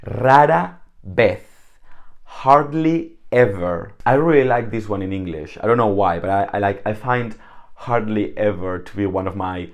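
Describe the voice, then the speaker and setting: A man from Spain, speaking with a Spanish accent in a lowish voice, teaches a casual online language lesson. He chats and repeats words slowly to explain them.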